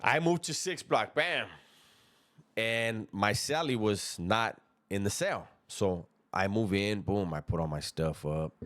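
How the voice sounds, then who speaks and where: A man's voice: on the low side, slow pace, a bit bright, no echo. Laid-back slangy man. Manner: laid-back and slangy, chuckles at his own tale. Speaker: storyteller recounting prison life. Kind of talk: casual spoken storytelling.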